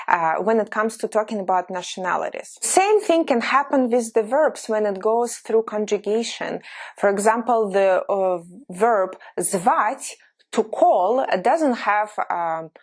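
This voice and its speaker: Slow-paced Russian woman teaching a lesson. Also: medium pitch. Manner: explains patiently, slows down to model Russian words. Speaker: language teacher. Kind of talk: online language lesson.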